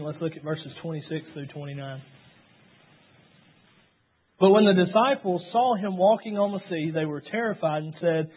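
A man preaching a sermon, retelling scripture in a storytelling way. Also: high voice. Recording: tinny phone-like sound.

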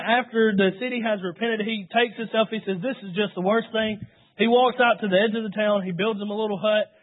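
Guy preaching a sermon, kinda high voice, sounds thin like over a phone. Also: narrow, tinny audio. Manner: storytelling, retells scripture dramatically.

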